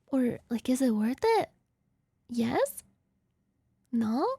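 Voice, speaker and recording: A woman streamer chatting casually while playing a game, excitable and rambling, who swings into mock-angry cursing rants. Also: on the high side, extremely slow, vocal fry, breathy edge, no echo. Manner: rambling, giggly tangents.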